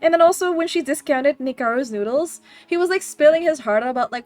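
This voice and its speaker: A woman streamer hosting a book club, chatting casually, excitable and swearing freely. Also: high voice, fast talker, hardly any pauses, soft background music. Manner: excitable, swears a lot, loud laughing outbursts. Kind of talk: casual chat.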